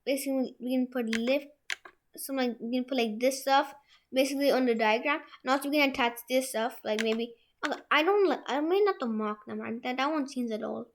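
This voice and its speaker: A young woman hosting a software tutorial from a room at home, talking it through in a rambling way with many restarts. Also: sits high, brisk, a little hiss or hum. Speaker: tutorial host. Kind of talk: screen-share software tutorial.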